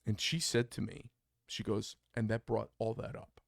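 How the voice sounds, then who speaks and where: A man's voice: on the low side, little pitch movement, normal speed, creaky, no echo, studio quality. A man co-hosting a casual podcast, telling a personal story bluntly and acting out the quoted dialogue. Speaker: podcast co-host.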